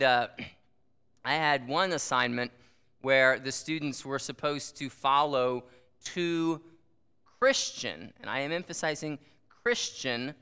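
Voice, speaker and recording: A man delivers a sermon at a slow, easy pace, and his bright, smooth voice rings out in a hall with a long reverb. He talks conversationally, full of asides and rhetorical questions. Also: mid-range voice. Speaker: pastor.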